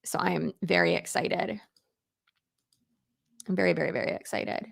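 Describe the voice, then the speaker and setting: A young woman talks through her makeup on a live stream, loose and rambling, full of "like" and "um" as she answers her viewers. Her voice has a gravelly fry, and her pitch swings widely as she chats. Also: very animated, normal speed. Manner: rambling, filler-heavy, answers chat comments. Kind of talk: casual chatty live stream.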